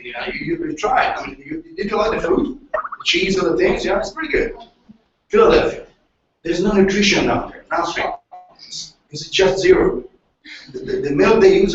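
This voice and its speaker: A man from Italy, a manager, talking casually in animated, broken English with an Italian accent, swearing freely and repeating himself. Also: high voice, slight background noise. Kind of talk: casual chat. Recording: distant muffled echoey recording.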